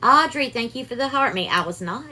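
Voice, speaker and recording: A woman's voice: fairly high pitch, lively intonation, a little fast, pushed and bright, slight background noise. A woman with a Southern US accent hosts a casual live cooking stream, chatting and greeting viewers by name with sweetheart and darling. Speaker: cooking livestream host.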